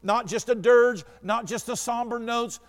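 High-voiced preacher in a reverberant hall. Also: male voice, steady tone, unhurried. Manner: storytelling preacher, rising to emphatic declarations. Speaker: pastor. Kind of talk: sermon. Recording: long reverb of a large room.

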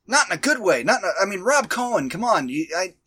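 A man co-hosting a casual movie review podcast, animated and exasperated, quoting his own reactions. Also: high voice, fast, breathy edge. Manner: animated, exasperated, quotes himself in mock voices. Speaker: podcast co-host.

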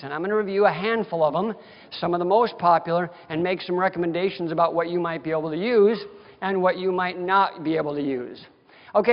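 A man giving a continuing-education lecture to dentists, folksy, direct and emphatic in manner. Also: sits high. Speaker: dental lecturer. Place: lecture hall. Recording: dull sound with long hall reverb.

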